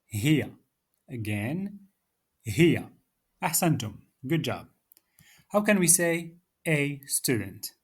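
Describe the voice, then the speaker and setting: Man, Arabic teacher, slow deliberate pace, patient drilling, husky tone. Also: on the high side, big pitch swings. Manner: patient, drills words for repetition. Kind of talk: slow beginner language lesson.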